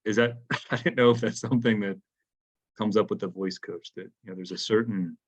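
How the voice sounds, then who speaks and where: Deep-voiced man interviewer, dull sound. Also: fairly quick. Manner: relaxed, frequent backchannels and hesitant fillers. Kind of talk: casual interview chat.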